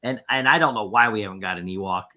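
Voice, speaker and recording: A man's voice: lowish voice, fast talker, sharp tone. A man co-hosting a podcast in casual chat, rambling with lots of fillers and restarts. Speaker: podcast co-host.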